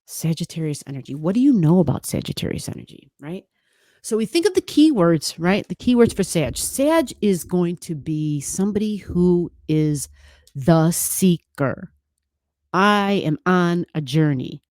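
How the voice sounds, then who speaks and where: A woman's voice: lowish voice, sing-song, unhurried, warm tone, no room sound, clean studio sound. A woman astrologer talking casually at home into a desk microphone, rambling a little, repeating phrases and laughing often. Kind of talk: casual chat about astrology. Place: room at home.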